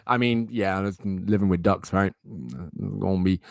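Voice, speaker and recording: A man's voice: low voice, a little slow, vocal fry, no echo, clean studio sound. A young man hosting a live stream, chatting animatedly with his viewers. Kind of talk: casual live-stream chat.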